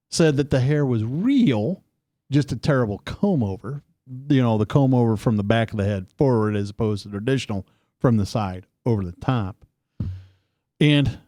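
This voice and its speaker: A man co-hosting a casual political radio chat, telling stories in an animated, lively way. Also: dry recording, studio quality. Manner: animated storytelling, lively pitch swings. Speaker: co-host. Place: studio.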